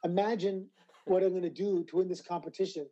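Man from Canada, forties, dark warm voice, lively storyteller, casual interview guest. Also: high voice, a little fast, dull audio. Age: 40s. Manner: animated storyteller, acts out quoted voices. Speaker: guest, retired wrestler.

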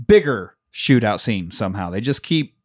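A man's voice: fairly low pitch, animated, normal speed. A man co-hosting a podcast, recapping a film in casual chat, swearing freely and laughing often. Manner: profane, jokey, laughs often, acts out scenes. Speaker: podcast co-host.

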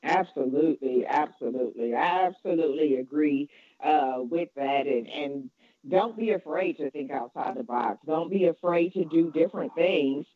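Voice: mid-range voice, moderate pace. A podcast host speaking encouragingly and agreeably, often repeating affirmations while interviewing a guest. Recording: dry, phone-like narrow sound.

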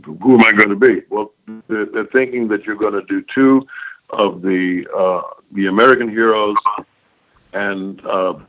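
An older man, a voice actor guest, telling rambling, emphatic stories in an interview and often checking in with his listener. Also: fairly low pitch. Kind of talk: reminiscing interview talk. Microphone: phone call. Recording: phone line, lo-fi.

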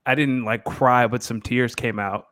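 A man's voice: medium pitch, steady tone, measured pace, fairly bright tone, dry recording, studio quality. A young adult man co-hosting a casual sports podcast, telling a story earnestly and laughing easily. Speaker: podcast co-host.

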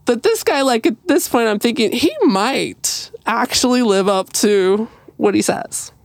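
A woman's voice: on the high side, unhurried, vocal fry, no room sound. A woman co-hosting a podcast, telling a story in casual chat and acting out the quoted lines with animation. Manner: animated, acts out quoted dialogue. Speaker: podcast co-host.

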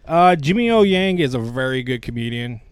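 A man's voice: mid-range voice, animated, normal speed. A man co-hosting a casual chat, chatty and eager to explain movie plots.

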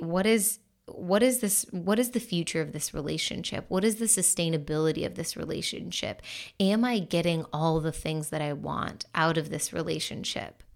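A woman commenting casually on relationships, chatty, with lots of "like" and "you know". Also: low-pitched.

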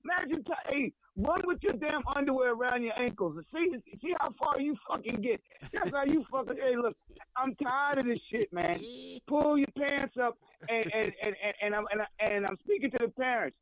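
A man with a very high voice calls into a radio show and rants loudly, stammering and cursing. The sound is dry and close, with faint music behind. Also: animated, normal speed, no echo. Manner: loud, stammering, cursing rant. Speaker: radio show co-host calling in. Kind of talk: profane comic rant. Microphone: phone call. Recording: phone line with music behind.

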